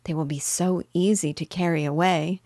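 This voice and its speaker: A woman's voice: lowish voice, steady tone, moderate pace, a little mellow, no echo, clean studio sound. A woman voicing a kind, polite little girl in a storybook reading. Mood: pleading. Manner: earnest and polite.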